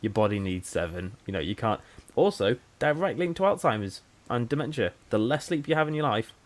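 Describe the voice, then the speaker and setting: A man in his twenties co-hosting a podcast, telling stories in a lively way and acting out the dialogue. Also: mid-range voice, a little fast. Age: 20s. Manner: animated storyteller, acts out dialogue. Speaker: podcast co-host. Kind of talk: casual podcast chat.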